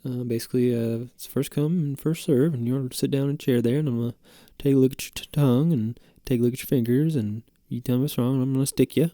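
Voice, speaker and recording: A man voicing a laid-back male acupuncturist pitching a free clinic in a slow, breathy, half-whispered way. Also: fairly even intonation, dark tone, no room sound, studio quality, close to an everyday voice. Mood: mellow pitching.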